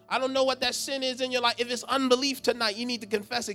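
A man preaching a sermon with passion, swinging between shouts and hushed, low lines. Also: flat delivery, fast talker, few pauses, faint music behind.

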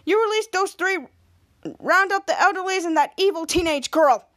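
A woman's voice: very high voice, normal speed, fairly bright tone. A woman voicing a bossy grown male superhero who barks short orders. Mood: commanding.

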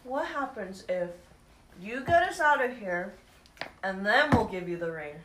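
A playful, somewhat hesitant woman taking part in a tabletop game as a player. Her voice sounds roomy and echoey, with a clear layer of noise behind it. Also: medium pitch, expressive, measured pace. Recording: roomy, noisy recording.

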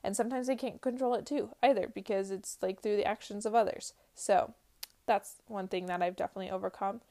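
Earnest young woman with a creaky voice. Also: mid-range voice, fairly even intonation, brisk, warm tone. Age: early 20s. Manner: earnest, uses many "like" fillers. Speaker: vlogger. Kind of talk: casual faith-based personal talk.

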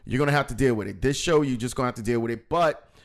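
A man's voice: mid-range voice, very fast. A man, a comedian hosting a casual live stream, joking and telling stories with playful put-on voices. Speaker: comedian and show host.

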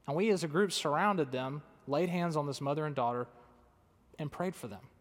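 A man preaching from a pulpit with a fairly high voice, telling a story in a relaxed, conversational way. He pokes fun at himself but stays earnest. His voice rings out with a long reverb, as in a large hall. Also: normal speed. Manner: conversational, self-deprecating, earnest. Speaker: pastor. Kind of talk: sermon storytelling.

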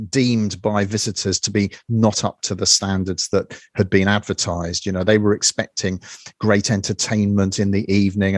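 A man's voice: lowish voice, no echo, clean studio sound. A man hosting a weekly review show, talking casually with many fillers and restarts. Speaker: host.

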